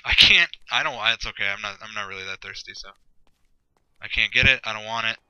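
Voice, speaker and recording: A man's voice: on the low side, fast talker, sharp tone, clean tone, no echo, dull audio. A man giving rambling, sarcastic gameplay commentary, swearing often and talking to himself as he plays. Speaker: gameplay video host.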